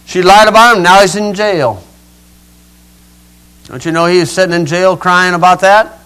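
An older male preacher retelling a scripture story in a folksy, dramatic way, swinging between loud rises and quiet drops. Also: high voice, moderate pace, clean tone, rough recording. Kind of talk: storytelling sermon.

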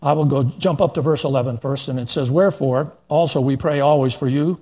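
Older preacher with a breathy, husky voice. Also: male voice, mid-range voice, steady tone, a little fast, warm tone. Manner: plain-spoken, folksy, with frequent fillers and asides. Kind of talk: verse-by-verse sermon.

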